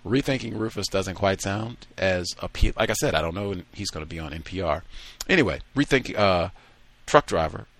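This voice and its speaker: A man hosting a call-in talk show, reading a passage aloud and then chatting in relaxed asides. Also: low-pitched, moderate pace, vocal fry. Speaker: radio talk show host.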